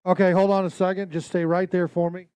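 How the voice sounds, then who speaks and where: Brief: male weigh-in emcee, high voice, dry close sound, energetic and joking. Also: fast, clean tone, no room sound. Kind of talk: live event announcing.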